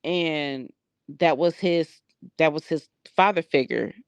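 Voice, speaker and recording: A woman's voice: low-pitched, takes it slowly, clean tone, dry recording. A middle-aged woman, a psychic medium, talking frankly and bluntly in a personal video journal.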